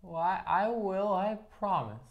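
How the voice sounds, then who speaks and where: A woman's voice: mid-range voice, animated, a little slow, highs cut off. A woman playing a grown son who placates his mother, flustered and stammering, in a comedy sketch. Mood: sheepish. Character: patient, exasperated grown son on the phone. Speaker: sketch actor. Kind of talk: comedy sketch phone call.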